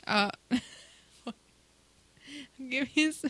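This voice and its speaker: A woman's voice: sits high, drawn-out words, fairly bright tone, dry recording. A woman co-hosting a podcast, answering questions in casual, good-humored, self-deprecating chat. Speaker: podcast co-host.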